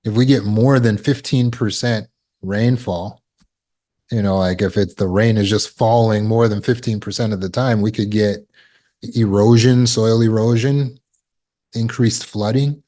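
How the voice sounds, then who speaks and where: A man's voice: fairly low pitch, mellow. A man giving a motivational talk as a self-help teacher, emphatic and repetitive, explaining with everyday examples.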